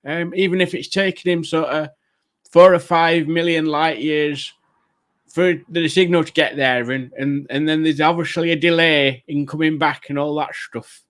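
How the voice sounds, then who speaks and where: A man's voice: fairly high pitch, steady tone, moderate pace, a bit bright. A man hosting a casual livestream, rambling and hesitant with many fillers and goofy jokes while greeting the chat. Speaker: livestream host.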